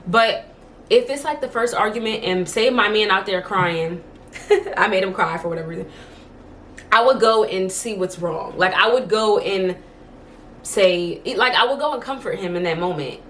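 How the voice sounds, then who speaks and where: A woman's voice: mid-range voice, moderate pace, a bit bright, a little hiss or hum. A young woman vlogging from home, chatting casually to camera and telling stories, full of "like" fillers. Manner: chatty storytelling, many "like" fillers.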